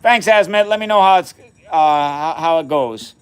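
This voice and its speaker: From his home basement, a science livestream host in his fifties chats casually with viewers, his clear, resonant voice pitched a bit high for a man. Upbeat and folksy, he thanks people one at a time by name and drops in quick asides.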